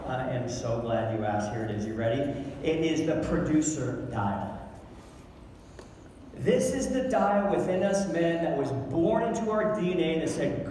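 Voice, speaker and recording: A middle-aged man giving a loud, brash motivational talk to a crowd, swearing and joking. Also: on the high side, expressive, a little slow, recorded from a distance, slight background noise. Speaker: motivational speaker. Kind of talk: energetic stage talk. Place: large event hall. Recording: echoey hall, mic heard from afar.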